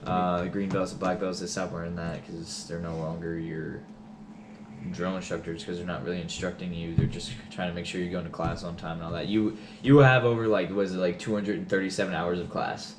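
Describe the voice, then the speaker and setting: A man's voice: low voice, fairly even intonation, brisk, background noise. A young man, a former Marine, explaining boot camp in casual talk with many fillers. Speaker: former Marine giving advice. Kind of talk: casual advice chat.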